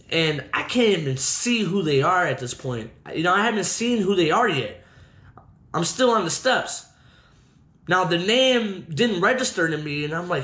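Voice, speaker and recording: A man hosting a podcast, telling his own story casually with constant swearing and an animated delivery. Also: a little high, normal speed, echoey room, heavy background noise. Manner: heavy swearing, animated retelling.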